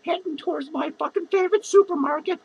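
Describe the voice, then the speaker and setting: A man's voice: very high-pitched, fast talker, vocal fry, muffled recording. A man playing a drunk, foul-mouthed lonely clown who rambles, slurs and giggles through a comedy monologue. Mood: drunk, rambling. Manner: slurred, rambling, swearing constantly, giggling. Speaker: comedy character performer.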